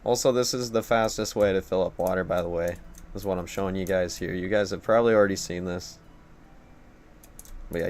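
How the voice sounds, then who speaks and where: Young man, low voice, game streamer, joking and rambling, faint typing in background. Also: a little mellow, slight background noise. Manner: rambling, joking and self-deprecating. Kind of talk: casual gameplay live-stream commentary.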